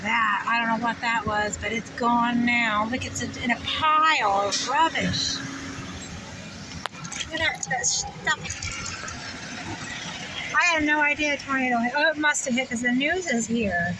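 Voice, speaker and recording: A woman narrating her drive in hushed, shocked exclamations from inside a car. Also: fairly high pitch, a little slow, long pauses, far from the mic. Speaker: vlogger. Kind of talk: driving commentary. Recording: clear road noise in car. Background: road and vehicle noise.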